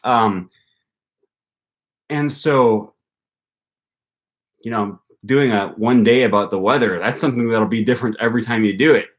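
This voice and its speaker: A young man from Wisconsin hosts a language-learning livestream, speaking with a Wisconsin accent and chatting informally with viewers while he thinks aloud, full of ums and likes. His mid-range voice moves at normal speed, broken by long pauses.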